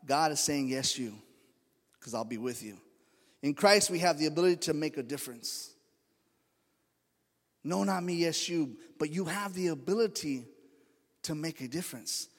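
Preaching man with a high voice in a reverberant church. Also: normal speed, long pauses. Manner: conversational storytelling, acts out quoted voices. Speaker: pastor. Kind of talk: sermon. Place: church sanctuary.

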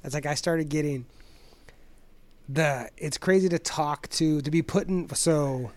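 A man's voice: fairly high pitch, unhurried, no echo. A man in his forties telling a story in casual chat, swearing a lot and acting out the people he quotes. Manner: profane, animated storytelling with put-on quotes.

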